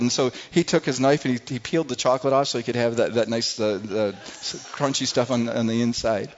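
A middle-aged man, a pastor, telling a personal testimony from the pulpit in a church, earnest and halting with frequent restarts. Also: mid-range voice, fairly even intonation. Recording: dull lo-fi recording.

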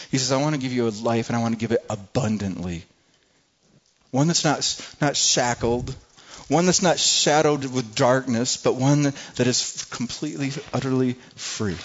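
A man preaching a sermon to a congregation with passion, swinging from soft, low moments to loud, high pleas and often repeating words. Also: muffled recording. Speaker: pastor.

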